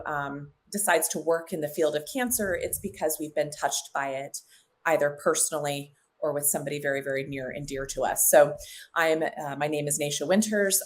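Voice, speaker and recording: A woman with a notably low voice talks as a podcast guest. She speaks in a heartfelt, fluent way and warms to her subject with enthusiasm. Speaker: naturopathic oncologist, guest. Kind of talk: casual podcast interview.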